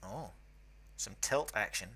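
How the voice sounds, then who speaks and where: A man's voice: on the low side, expressive, slow, pushed and bright, husky. A young Scottish man from the northeast, chatty and self-deprecating, hosting and commentating on a casual online match. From northeast Scotland. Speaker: host.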